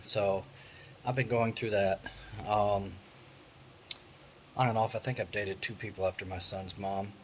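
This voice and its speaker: A middle-aged man talks to his camera in a loose, rambling way, candid and conversational. His voice sits fairly low. A faint steady hum from a fan in the room runs behind him. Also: unhurried, pauses often, low-quality recording. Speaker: vlogger. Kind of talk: casual vlog monologue. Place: indoor room with an electric fan.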